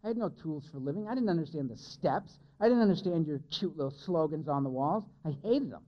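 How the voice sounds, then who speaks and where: Fairly high in pitch, animated and fairly quick, a man recounts his own experience at a recovery meeting, candid and laughing at himself before a live audience. The recording sounds lo-fi and dull.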